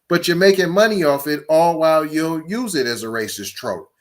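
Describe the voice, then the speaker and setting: A man's voice: on the high side, animated, moderate pace, hardly any pauses. A man with hosting a podcast, reading an article aloud and breaking off into emphatic commentary full of rhetorical questions. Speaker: podcast host.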